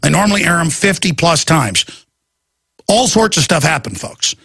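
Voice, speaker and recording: Raspy, forceful ranting man. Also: a little high, very animated, normal speed, no echo. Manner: ranting, emphatic and urgent. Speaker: talk show host. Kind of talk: heated talk radio monologue.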